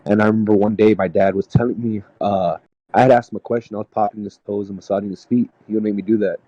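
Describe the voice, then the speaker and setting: A man telling a personal story in casual podcast talk, halting and rambling with lots of "dude" and "man". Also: fairly low pitch, fairly even intonation, no room sound, muffled recording. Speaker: podcast panelist. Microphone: podcast mic.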